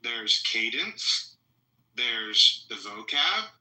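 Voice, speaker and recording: A man's voice: mid-range voice, sing-song, very slow, pushed and bright. A man explaining his point step by step in a heated live voice-chat debate. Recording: echoey online voice chat.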